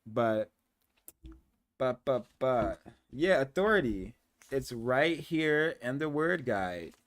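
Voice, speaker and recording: A man's voice: medium pitch, sing-song, slow, no room sound. A man hosting a commentary program, speaking in an earnest, emphatic way. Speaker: host.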